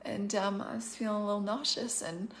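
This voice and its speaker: A woman's voice: medium pitch, steady tone, brisk, a bit bright, a little hiss or hum. A middle-aged woman from Canada delivers a prophetic teaching over a livestream. Her voice sits in the middle range. She preaches with fervent emphasis and drags out the words she wants to land, then hurries through casual asides to her viewers. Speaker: prophetic minister and school leader.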